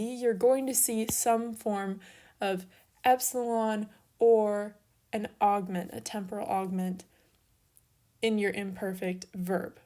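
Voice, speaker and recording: A woman's voice: medium pitch, warm tone. A young woman giving a recorded grammar lesson, explaining each step patiently while she writes out examples. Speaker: teacher.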